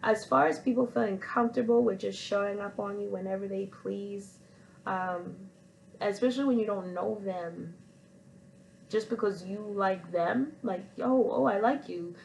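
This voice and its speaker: A woman's voice: mid-range voice, fairly even intonation, normal speed, vocal fry, a little hiss or hum, poor audio. A woman vlogger casually telling a personal story to camera, rambling with many restarts. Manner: rambling, full of fillers and restarts.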